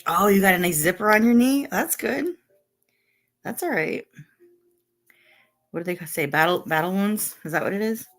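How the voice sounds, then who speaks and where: A woman's voice: on the low side, normal speed, pauses often. A middle-aged woman hosting a casual live stream, chatting and greeting viewers by name and laughing often. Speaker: livestream host.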